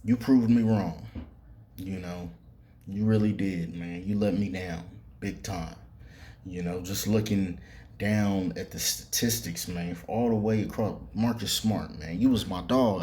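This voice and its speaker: A man's voice: low-pitched, steady tone, measured pace, mellow. A man hosting a sports podcast, talking loosely and profanely with many fillers, speaking straight to the players. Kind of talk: casual sports commentary monologue.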